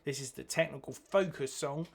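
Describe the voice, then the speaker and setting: A man's voice: fairly high pitch, moderate pace, gravelly, breathy edge. A man teaching a drum lesson, chanting rhythm words as he plays. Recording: loud drumming behind the voice. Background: drum kit playing.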